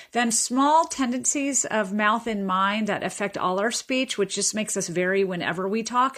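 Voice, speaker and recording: Speaking at medium pitch with a fairly bright tone, a woman linguistics professor walks a radio audience through speech differences. She is measured and thoughtful, frequently using fillers and restarting.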